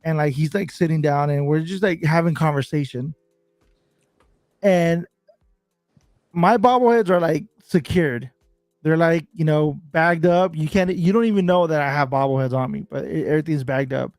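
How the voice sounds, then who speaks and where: A man's voice: on the high side, moderate pace, no echo, clean studio sound, soft background music. Slangy, profane man telling a story. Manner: animated and laughing while recounting. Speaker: bobblehead collector telling a story. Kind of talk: casual chat.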